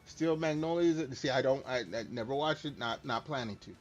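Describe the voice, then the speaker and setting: While streaming a game, a middle-aged man talks casually in a medium-pitched voice at a normal speed. He rambles, stays candid and makes fun of himself. The lo-fi stream mic is slightly dull, with faint music playing.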